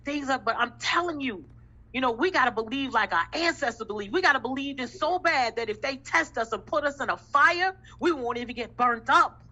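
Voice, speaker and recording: A woman's voice: high-pitched, expressive, brisk, sharp tone, husky, rough recording. A woman giving an impassioned testimony in a faith discussion, emphatic and repetitive with a preaching cadence. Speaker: group discussion member.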